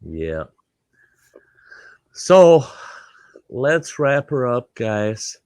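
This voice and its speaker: A man's voice: medium pitch, big pitch swings, drawn-out words, darkish tone, clear, resonant tone, dry recording. A man hosting a casual livestream chat, laid-back and salty, joking with his guests. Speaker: host of the livestream.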